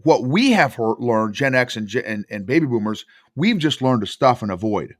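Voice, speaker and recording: A man's voice: medium pitch, normal speed, no room sound, studio quality. A man who coaches emotional intelligence, telling stories emphatically in a podcast interview. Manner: emphatic, animated storytelling.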